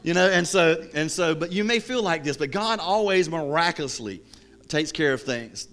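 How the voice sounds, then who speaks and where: A male preacher giving a sermon in an animated, storytelling style with jokes. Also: fairly high pitch, normal speed.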